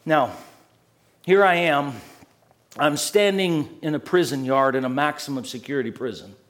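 At a moderate pace, a man delivers an earnest sermon, repeating words to build each point. The ends of his phrases drop low and quiet.

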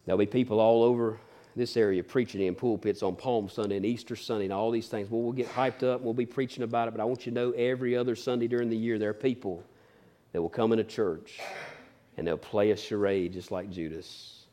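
A preacher delivering a sermon, swinging from loud emphatic peaks to hushed, near-whispered lines. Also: male voice, lowish voice, steady tone, a little fast.

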